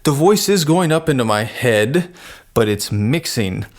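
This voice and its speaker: A man teaching singing, explaining plainly and breaking into sung falsetto demonstrations. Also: animated, unhurried. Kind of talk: vocal lesson with sung demonstrations.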